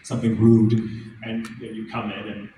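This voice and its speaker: A man who voices characters, telling animated stories on a convention panel stage, recorded from a distance in a large hall. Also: on the low side. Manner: animated storytelling, quick asides. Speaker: voice actor, panel guest. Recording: echoey hall from far off with noise.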